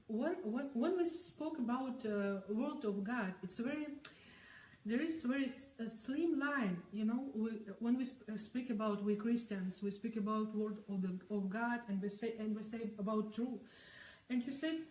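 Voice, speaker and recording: A woman's voice: a little high, moderate pace, darkish tone, echoey room, distant mic, rough recording. A woman asking a pastor questions in hesitant, giggly English with many restarts, English not being her first language. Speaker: interviewer. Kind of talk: casual conversation.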